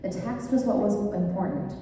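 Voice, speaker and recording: A woman's voice: medium pitch, moderate pace, mellow, a little hiss or hum. A woman giving a casual, chatty classroom lecture, enthusiastic and sprinkled with fillers. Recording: echoey hall, voice far from mic.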